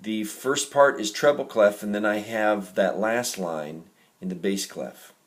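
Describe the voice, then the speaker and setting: A man teaching a music reading lesson, patient and gentle, walking students through rhythm exercises. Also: on the low side, a little slow. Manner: patient, gentle instructor, demonstrating rhythms by singing syllables.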